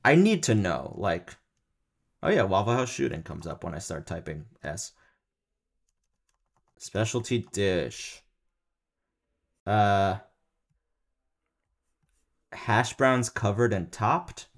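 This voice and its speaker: A man's voice: lowish voice, sing-song, takes it slowly, long pauses. A young man co-hosting a podcast, joking around and rambling in casual chat, laughing often. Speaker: podcast co-host.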